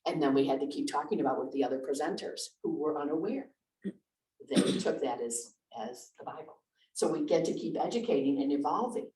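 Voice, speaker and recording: In an echoey church lecture room, picked up by a distant microphone, a woman minister lectures conversationally in a mellow, low voice at a fairly quick pace. She shares personal stories frankly and chattily, with lots of restarts and side remarks.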